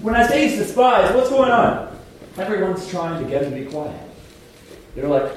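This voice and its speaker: Animated preacher in an echoey hall. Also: male voice, high voice, normal speed, recorded from a distance, a little hiss or hum. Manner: animated, swings between loud outbursts and hushed asides; casual, slangy delivery with frequent laughs. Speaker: pastor. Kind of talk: lively sermon.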